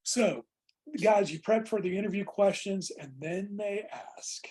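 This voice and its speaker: A man's voice: high voice, a little slow, darkish tone, slightly rough. A man teaching a class on job interviews, talking informally and calling students "guys". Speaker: instructor.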